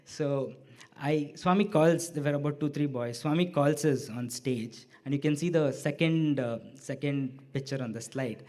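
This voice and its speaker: A middle-aged man telling a personal devotional story to a hall audience, acting out his own lines and the lines of others with lively shifts of voice. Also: fairly high pitch, moderate pace. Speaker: speaker sharing a devotional story.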